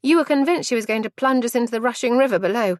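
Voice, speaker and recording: A woman narrating a first-person audiobook in a measured, intimate and reflective way. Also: fairly high pitch, no echo, clean studio sound.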